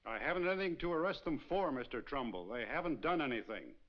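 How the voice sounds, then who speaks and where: A man's voice: medium pitch, expressive, fast, lightly acted. A man playing a firm, matter-of-fact marshal. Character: calm, firm town marshal. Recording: dull old film soundtrack.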